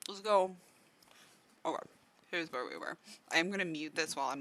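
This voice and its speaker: A woman's voice: sits low, fairly quick, a bit bright. A woman streamer chatting casually while reacting to a video, filling her talk with "like" and laughing often, sometimes talking with food in her mouth. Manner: talks while eating.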